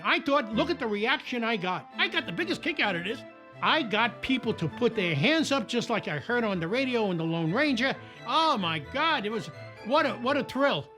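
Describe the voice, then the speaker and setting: Old New man, lively anecdotal storyteller, high voice, soft music underneath. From New York. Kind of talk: documentary interview.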